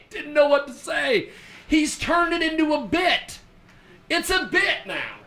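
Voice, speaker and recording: A man hosting a talk radio show, telling a story in a relaxed, animated way, acting out what others said and laughing often. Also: very high voice, slow.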